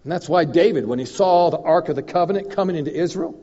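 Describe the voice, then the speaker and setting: A man preaching as a guest minister, telling a story in an animated way that swings from loud and emphatic to low and confiding. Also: quick pace. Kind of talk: storytelling sermon. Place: church hall. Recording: dull recording in a reverberant hall.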